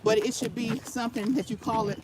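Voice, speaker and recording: A woman's voice: a little high, steady tone, brisk. A woman giving emphatic, repetitive advice in a casual vlog while walking laps. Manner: emphatic, repeats her points for stress. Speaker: vlogger giving channel tips. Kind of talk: casual motivational vlog talk. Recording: noisy background.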